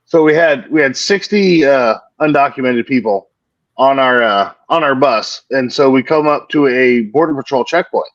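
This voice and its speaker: A man's voice: mid-range voice, moderate pace, no room sound. A man telling stories in casual chat, joking and swearing freely. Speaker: co-host of a livestream hangout. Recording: dull lo-fi stream audio.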